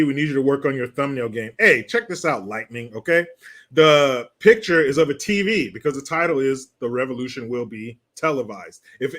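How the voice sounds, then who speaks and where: A man's voice: mid-range voice, a bit bright. A man hosting a casual commentary show, reading out viewer messages and joking between them with frequent laughs. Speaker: host.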